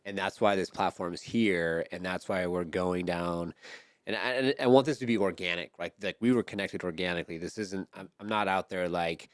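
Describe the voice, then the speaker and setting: A very deep-voiced man hosting a casual podcast conversation. He sounds chatty and eager, breaking into excited bursts. The recording is dry and close, with no room sound. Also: normal speed, dry recording. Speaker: podcast host. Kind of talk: casual interview chat.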